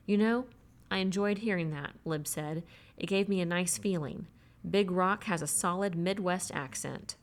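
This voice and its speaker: A woman reading a novel aloud as an audiobook, in an even, measured way, voicing the characters' lines herself. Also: fairly low pitch. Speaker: audiobook reader. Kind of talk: audiobook narration.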